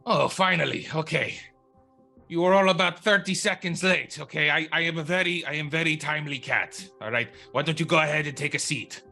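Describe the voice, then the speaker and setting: Man voicing a prim, flustered tavern cat: bright tone, hurried and fussy. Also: a little high, gravelly, soft background music, voice pushed up, exaggerated voice.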